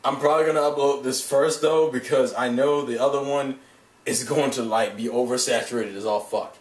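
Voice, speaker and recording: A man's voice: mid-range voice, steady tone, fairly quick. A man giving a casual vlog review of an anime episode, rambling and swearing, often laughing at his own points. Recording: echoey room, mic at a distance.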